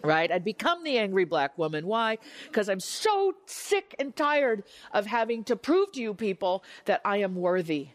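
A middle-aged woman author speaking candidly and passionately in an interview, with emphatic, animated retellings. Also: medium pitch, normal speed, no room sound.

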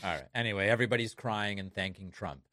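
A man's voice: fairly low pitch, quick pace, pushed and bright. A man hosting a political commentary show, mocking the news clips he plays. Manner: sarcastic, mocking.

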